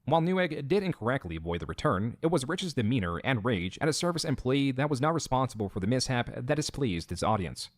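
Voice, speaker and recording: Quick, lively male narrator over music. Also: mid-range voice, no room sound, clean studio sound. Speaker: documentary narrator. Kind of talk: scripted narration.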